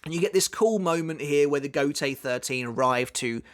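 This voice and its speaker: A man talks through an anime character breakdown in a loose, chatty way. His voice sits a touch higher than most men's. He leans on fillers and restarts his sentences as he thinks aloud. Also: normal speed. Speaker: anime commentary YouTuber. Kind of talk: casual video essay analysis.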